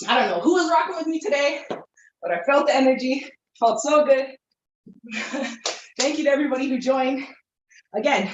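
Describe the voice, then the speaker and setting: High-voiced, breathless woman fitness coach. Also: distant mic, dull audio, a little hiss or hum. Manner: energetic, encouraging, laughs often, whoops. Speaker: fitness instructor. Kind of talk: live workout class coaching. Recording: echoey room, voice from off-mic.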